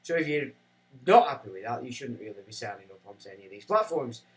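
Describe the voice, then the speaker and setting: A man's voice: medium pitch, animated, fast, rough recording. A man hosting a livestream, rambling and self-mocking as he chats to viewers. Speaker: livestream host. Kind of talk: casual livestream chat.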